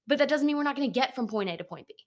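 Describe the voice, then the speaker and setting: A young woman hosting a motivational podcast, talking bluntly and swearing freely, with animated asides. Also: sits high, rapid-fire. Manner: animated, slips into mocking voices of others. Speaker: podcast host.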